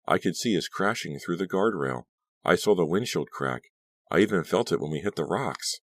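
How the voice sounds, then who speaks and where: A man's voice: deep voice, animated, normal speed, no room sound, voice pushed up. Frightened teen girl, raised voice, pleading, panicky, as a man puts her on, audiobook. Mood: shaken. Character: frightened teenage girl singer.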